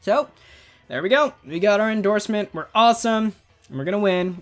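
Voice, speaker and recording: A man's voice: a little high, moderate pace, fairly bright tone, soft background music. A man in his twenties giving rambling, casual commentary while playing a video game. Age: 20s. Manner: chatty, rambling, laughs often. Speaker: gaming video creator. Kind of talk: casual let's-play commentary.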